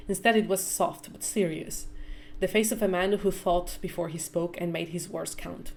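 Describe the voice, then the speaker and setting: A woman reading a novel aloud live, with measured storytelling narration. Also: lowish voice, steady tone, vocal fry, a little hiss or hum. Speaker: reader.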